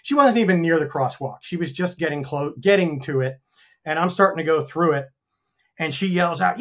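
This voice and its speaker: A man's voice: on the high side, lively intonation, a little fast, a bit bright. An American man of fifty, talking frankly in a casual interview, rambling with many ums and swearing freely. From United States. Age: 50s. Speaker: actor guest.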